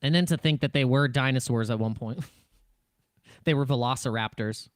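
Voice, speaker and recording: A man's voice: mid-range voice, moderate pace, dry recording, studio quality. A man hosting a casual crypto live stream, rambling and jokey, with frequent restarts and laughs. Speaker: crypto livestream host.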